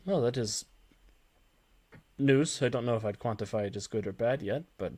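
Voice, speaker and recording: A man voicing a grave, formal adult male ally in a tabletop game, speaking in a measured way. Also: medium pitch, a little mellow, lightly acted.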